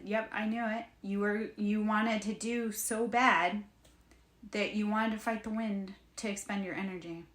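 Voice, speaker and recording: A blunt, animated woman who talks casually and swears freely, with her voice at a middle pitch for a woman. She is heard in a roomy, echoey space. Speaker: spiritual reader and livestream host. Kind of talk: casual livestream chat. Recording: roomy, echoey room sound.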